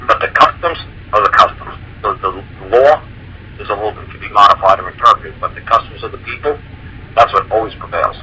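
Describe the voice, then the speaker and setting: A man's voice: on the low side, a little fast, a little hiss or hum, low-quality recording. A man speaking casually on a talk show. He explains his points with animation, acting out the conversations he recalls and often repeating himself. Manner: animated, acts out quoted exchanges, repeats himself. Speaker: guest speaker on common law.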